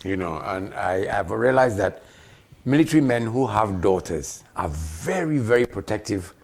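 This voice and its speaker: A man co-hosting a radio talk show, playful and quick with puns and long funny anecdotes. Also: on the low side, expressive, gravelly, a little mellow. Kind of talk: casual storytelling chat.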